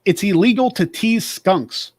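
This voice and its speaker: This talk show host from Pennsylvania has a high-pitched voice and talks a little slowly. In a casual chat, he reads out odd laws and jokes about each one.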